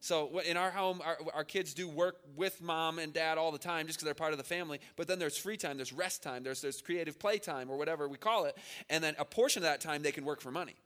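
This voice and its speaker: Bright-voiced man giving a chatty sermon. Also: a little high, fast, clean tone. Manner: conversational, repeats words, asks "right?". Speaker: speaker at a church family seminar. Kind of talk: informal sermon with stories.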